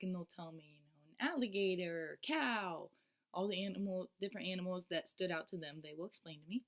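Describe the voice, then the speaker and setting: Woman walking through her classroom lesson plan, plain mid voice, kinda halting with ums. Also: mid-range voice. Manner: steady, step-by-step explaining with frequent ums and restarts; shifts into a bright, singsong teacher voice when quoting herself to children. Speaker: early childhood teacher. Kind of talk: explaining a lesson plan to camera.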